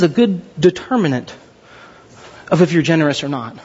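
Pastor guy preaching hard, high swoopy husky voice, muffled lo-fi recording. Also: animated, quick pace. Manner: emphatic, rhetorical questions to the congregation. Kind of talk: sermon.

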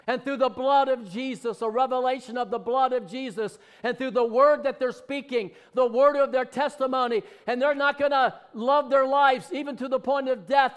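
A man preaching a sermon with fervor, building up to loud declarations and dropping into joking asides. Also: extremely high pitch, clean tone.

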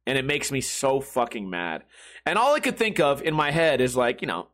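A man's voice: mid-range voice, sing-song, normal speed, fairly bright tone. A man in his thirties in a profane, rambling monologue, swearing constantly and laughing between lines. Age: 30s.

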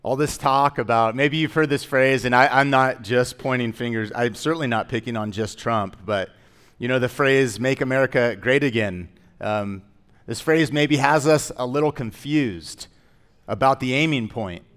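A man's voice: medium pitch, moderate pace, fairly bright tone, smooth. A man pastor preaching a sermon in a conversational way, with joking asides that rise into emphatic declarations.

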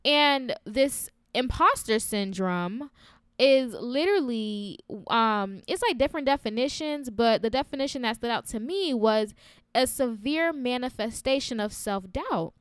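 A woman's voice: on the high side, animated, unhurried, clear, resonant tone, no room sound, studio quality. A young adult woman hosts a faith-based podcast, talking candidly in a chatty way with many fillers and frequent laughs. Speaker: podcast host.

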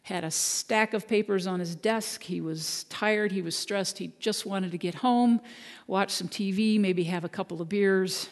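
A minister giving a Sunday talk, telling stories in a relaxed, conversational way with light humor. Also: medium pitch, unhurried, long reverb tail. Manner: conversational storytelling with gentle humor. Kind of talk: sermon. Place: church sanctuary.

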